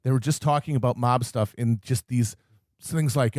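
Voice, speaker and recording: A man ranting sardonically in casual podcast banter, with quick asides. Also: medium pitch, darkish tone, no echo, studio quality. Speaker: podcast co-host.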